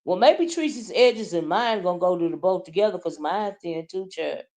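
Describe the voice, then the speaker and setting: A woman hosting a casual livestream. She teases loudly, sometimes sinking into low, quiet mutters and then bursting up into shouts. She talks straight to her viewers. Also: moderate pace. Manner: loud, teasing, swings from low mutters to shouting. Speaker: livestream commentary host.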